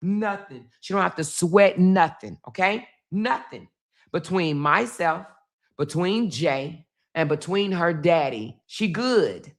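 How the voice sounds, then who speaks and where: Gravelly middle-aged woman. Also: lowish voice, animated, slow pace. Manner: emphatic, repeats phrases, addresses viewers as y'all. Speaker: vlog host. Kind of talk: casual storytelling to viewers.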